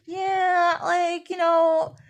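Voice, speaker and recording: A woman's voice: extremely high pitch, little pitch movement, extremely slow, pitched above the performer's own voice, heavily acted. Lady doing a guilty goddess sister, sheepish and rambly. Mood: rambling.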